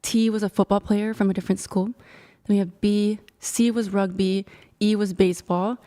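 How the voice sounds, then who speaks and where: A young woman in her twenties, a panel guest speaking softly and matter-of-factly. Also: mid-range voice, steady tone, moderate pace. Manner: soft-spoken, matter-of-fact listing. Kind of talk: casual panel chat.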